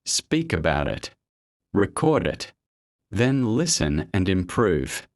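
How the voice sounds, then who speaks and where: A man giving a scripted motivational English lesson in a measured, emphatic delivery. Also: low voice, big pitch swings.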